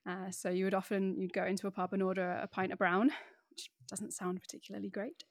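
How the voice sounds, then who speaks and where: A woman from Northeast England, speaking in a polished standard English accent as a podcast guest, telling stories in a chatty, animated way. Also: mid-range voice, fast, no room sound, studio quality. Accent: neutral southern English. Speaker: podcast guest, wine educator. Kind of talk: casual interview chat.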